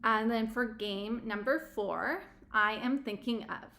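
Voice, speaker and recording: A woman teacher showing classroom vocabulary games, friendly, slowing down and drawing out words as she models them for children. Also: on the high side, vocal fry, pushed and bright.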